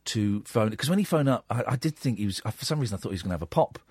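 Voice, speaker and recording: A man hosting a late-night radio phone-in, talking in a rambling, halting way full of fillers. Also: on the low side, expressive, a little mellow, slightly rough, dry recording, studio quality. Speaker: radio host. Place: radio studio.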